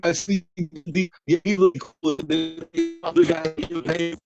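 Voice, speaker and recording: A man teaching a daf yomi Talmud class, acting out both sides of the argument with halting restarts. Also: high voice, big pitch swings, vocal fry, darkish tone, faint music behind, low-quality recording.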